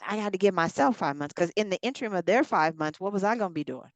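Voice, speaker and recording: A woman ministry coach, preaching with steady repetition and calling her listeners y'all. Her voice sits at a middle pitch. It is recorded close and dry, with almost no room sound. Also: fast, no echo. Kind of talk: encouraging preaching on a group call.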